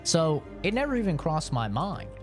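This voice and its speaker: A man's voice: fairly high pitch, big pitch swings, normal speed, faint music behind. Frank, rambling young male streamer. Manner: rambling, frank, swears freely, laughs often. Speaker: gaming streamer. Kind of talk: casual live-stream chat.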